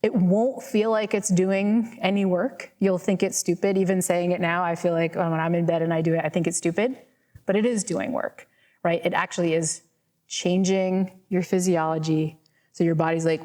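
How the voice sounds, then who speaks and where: A woman's voice: fairly low pitch, steady tone, moderate pace, darkish tone. A woman professor answering an audience question in a casual, chatty way with many fillers, speaking to a live room on a microphone. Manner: chatty, self-deprecating, many "right?" and "like" fillers. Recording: reverberant hall.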